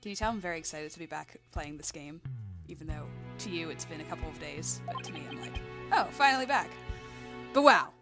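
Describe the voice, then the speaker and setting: A woman talks casually through a game playthrough, chatty and loose, with many small fillers and asides. Game music plays clearly under her voice. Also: low-pitched, lively intonation, fast. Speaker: let's play host.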